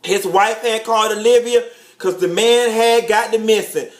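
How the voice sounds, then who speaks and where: A flamboyant man dishes out a gossipy TV recap in a high voice. He talks with sass and drama, and his voice rings around an echoey room. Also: fairly bright tone. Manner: flamboyant, sassy, peppered with "honey" and "child". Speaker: show host and TV recapper.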